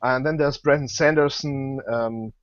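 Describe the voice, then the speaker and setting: A man's voice: medium pitch, fairly even intonation, a little slow, no room sound. Hesitant young man, dull call audio. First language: German. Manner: hesitant, many fillers and restarts. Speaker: guest author. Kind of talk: casual online interview. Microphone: video call.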